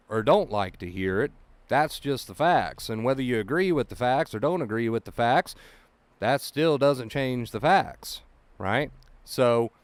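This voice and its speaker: A man's voice: medium pitch, dry recording. Blunt, profane male anxiety coach. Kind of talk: blunt motivational monologue.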